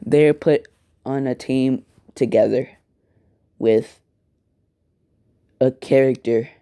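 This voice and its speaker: Slow, dark-voiced man narrating a fan story. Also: mid-range voice, steady tone, clear, resonant tone. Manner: crude, rambling, self-correcting.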